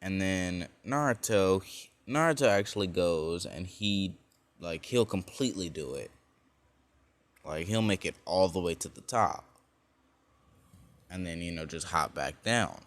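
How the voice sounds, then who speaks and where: A young man casually spinning a fan-made what-if story. His voice sits low and his pace is slow and drawn out. He rambles, leans on fillers, and corrects himself as he goes.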